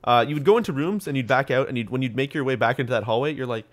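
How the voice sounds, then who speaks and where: A man's voice: medium pitch, very fast, few pauses. A young man hosting a podcast, chatting casually about gaming news with lots of ums and restarts. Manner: rambling, full of ums and restarts. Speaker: podcast host.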